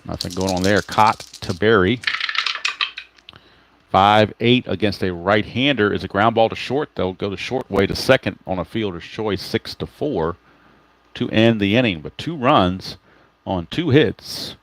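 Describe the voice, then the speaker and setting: A man's voice: on the low side, unhurried, slight background noise. A man giving casual play-by-play of a tabletop baseball game, explaining each roll and chatting to viewers by name.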